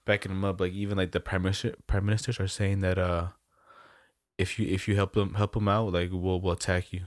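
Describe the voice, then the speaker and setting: Fast-talking young man, low voice. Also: little pitch movement, no room sound, clean studio sound. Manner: slangy, rambling, lots of "like" and "bro". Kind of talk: casual chat.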